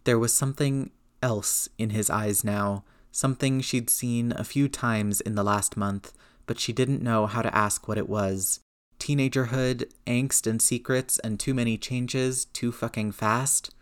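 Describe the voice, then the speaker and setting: A man's voice: medium pitch, fairly even intonation, slow, clean tone. Man narrating a story steadily.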